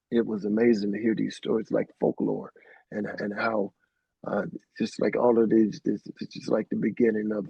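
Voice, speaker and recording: This interview guest, a middle-aged Arkansas man, has a lowish, creaky, dark voice with a breathy edge. He rambles through casual stories, often saying "man," and the lo-fi audio sounds dry and dull with no room sound.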